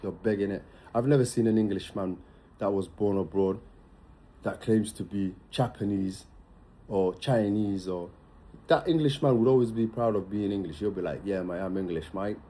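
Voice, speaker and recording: A man's voice: fairly low pitch, normal speed, dark tone. A man giving an emphatic, repetitive, opinionated monologue, ranting and hammering his points.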